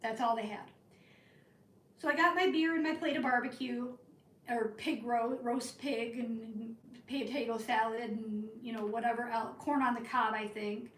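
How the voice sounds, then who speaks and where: A woman telling a rambling story to her live chat from the northern United States, in an animated, chatty way. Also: fairly high pitch, normal speed, a little hiss or hum. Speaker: live-stream crafting host. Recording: roomy, from a distance.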